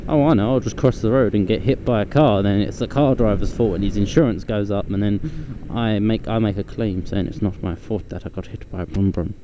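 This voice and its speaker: A man's voice: lowish voice, a little fast, few pauses. A man rambling bluntly and swearing casually as he vlogs while riding a scooter outdoors. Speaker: vlogger. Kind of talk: casual rambling vlog chat. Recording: loud traffic and engine noise.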